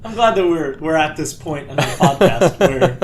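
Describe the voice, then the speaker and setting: Lively wry man hosting a podcast. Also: fairly high pitch, a little hiss or hum. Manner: wry, teasing, quick to laugh. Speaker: podcast host. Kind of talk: casual chat.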